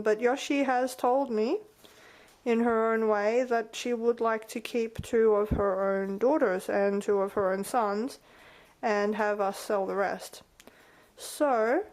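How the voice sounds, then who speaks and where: Slow-talking woman, halting. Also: a little high, darkish tone. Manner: halting, with frequent restarts. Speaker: vlogger. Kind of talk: casual talk to camera. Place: at home with her pet birds.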